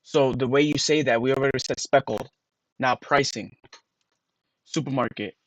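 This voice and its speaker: A man's voice: medium pitch, normal speed, poor audio. An American man livestreaming, talking casually and sounding words out letter by letter. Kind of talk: casual rambling stream talk.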